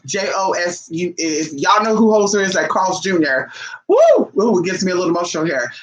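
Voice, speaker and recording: A woman vlogger telling a story to her viewers in a casual, animated and profane way, calling them "y'all". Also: lowish voice, brisk, poor audio.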